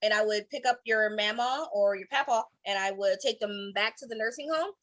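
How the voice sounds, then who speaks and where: A woman doing a brash, profane stand-up set over a video call, telling a story with deadpan asides. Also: medium pitch, brisk. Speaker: stand-up comedian.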